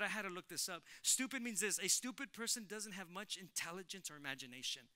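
A male pastor preaches with a high, very bright and forceful voice. He is animated, repeats his lines for emphasis and turns to the congregation again and again. The sound is dry and close. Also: fast talker, hardly any pauses, smooth, dry recording. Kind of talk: lively sermon. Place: church sanctuary.

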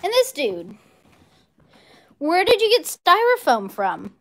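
Young woman, high voice, bubbly and chatty, home kitchen, phone on tripod. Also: wildly swooping pitch, takes it slowly, a bit bright. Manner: bubbly, chatty, talks to viewers and her dog. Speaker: cooking livestream host. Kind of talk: casual live cooking chat.

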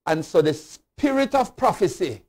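A bishop from Jamaica teaching a Bible study in a sermon style, emphatic and deliberate, rising to loud declarations and dropping low again. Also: male voice, very animated. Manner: slow, deliberate preaching cadence with repeated refrains.

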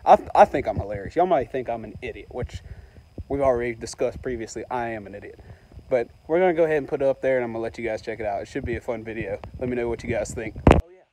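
A man's voice: medium pitch, fast, background noise. A man from Louisiana with a Louisiana accent, vlogging outdoors while fishing and joking in a goofy, self-mocking way. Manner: goofy, self-mocking, talks to snakes in a sing-song voice. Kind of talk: casual vlog talk to camera. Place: outdoors by the water.

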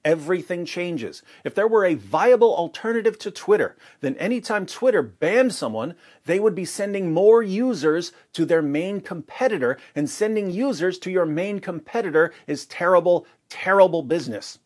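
Emphatic man with a lively voice. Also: sits high, normal speed, hardly any pauses. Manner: emphatic, argumentative. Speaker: video host. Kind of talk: direct-to-camera commentary.

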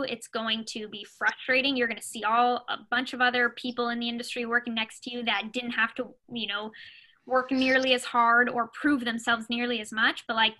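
Speaking as a guest on a podcast, this young sports agent keeps the interview loose and casual, leaning heavily on fillers such as "like" and "you know." The audio is poor, and her slightly high voice carries a sharp edge.

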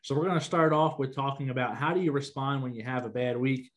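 A man's voice: medium pitch, steady tone, fast. A man hosting a podcast, explaining steadily and steering the conversation. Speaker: podcast host. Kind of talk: casual podcast talk.

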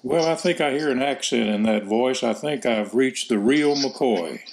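A man with an ordinary middle-pitched voice hosts a relaxed interview. He is friendly and talks in loose, rambling sentences, often starting over. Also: measured pace, very noisy. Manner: friendly, rambling, many restarts. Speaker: host, gospel quartet member. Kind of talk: casual interview.

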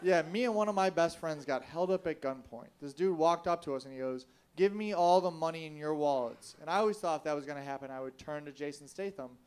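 A man performing a stand-up comedy set, telling a story and acting out the people in it with sudden loud outbursts. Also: a little high, fast, few pauses, smooth. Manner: storytelling, acts out quoted voices with big loud outbursts. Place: comedy club stage.

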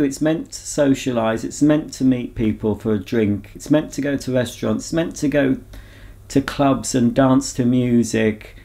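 A man's voice: medium pitch, warm tone. A man vlogging in a casual, rambling chat to camera, talking candidly and reflecting on himself.

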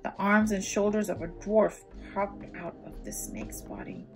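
A woman reading a children's storybook aloud, pausing for gentle asides to young listeners. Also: mid-range voice, fairly even intonation, soft background music. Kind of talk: children's read-aloud narration.

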